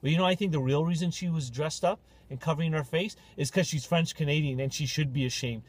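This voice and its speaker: A man's voice: on the high side, quick pace, husky. A man hosting a podcast, telling stories in casual, joking banter. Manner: animated, joking storyteller. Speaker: podcast host.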